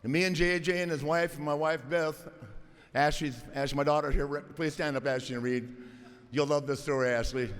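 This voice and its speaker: A man's voice: fairly high pitch, steady tone, fairly quick. A man in his sixties giving a rambling, emotional acceptance speech full of stories, stammering and laughing, close to tears. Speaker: hall of fame inductee. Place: large arena hall before an audience. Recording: long hall reverb, crowd noise.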